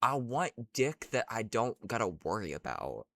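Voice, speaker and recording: A man's voice: fairly low pitch, very animated, measured pace, gravelly, a bit bright, no echo. A young man chatting casually in a rambling, crude, gushing way as he ranks characters. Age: young adult. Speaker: vlogger. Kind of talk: casual ranking chat.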